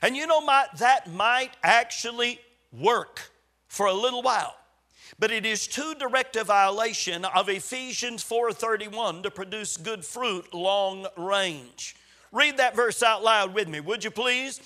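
Slow, bright-voiced male preacher. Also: high-pitched. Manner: slow, emphatic preaching with call-and-response readings. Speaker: pastor. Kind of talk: sermon.

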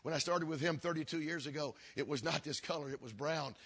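An older man, a pastor, telling a story in a sermon with earnest, repeating phrases that sink low and quiet. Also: quick pace, husky. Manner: earnest, repetitive preaching cadence that drops low and quiet.

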